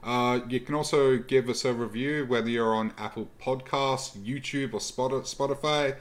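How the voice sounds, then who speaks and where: A man's voice: medium pitch, steady tone, normal speed, hardly any pauses. A man co-hosting a podcast, chatting casually about supporting the show, with plenty of fillers. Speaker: podcast co-host. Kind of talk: casual chat, plugging the show.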